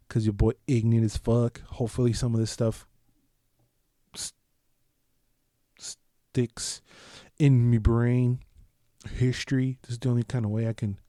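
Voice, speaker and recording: A man's voice: medium pitch, dark tone, no echo, clean studio sound. A man from the United States hosting a solo podcast, talking in a loose, rambling, profane way with lots of restarts. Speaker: podcast host. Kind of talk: solo casual podcast chat.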